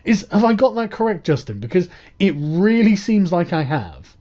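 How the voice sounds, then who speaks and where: Brief: male commentator, sarcastic and mocking, warm mellow voice, dull lo-fi audio. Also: sits high, big pitch swings, moderate pace. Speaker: commentator reacting to clips. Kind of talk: profane reaction commentary.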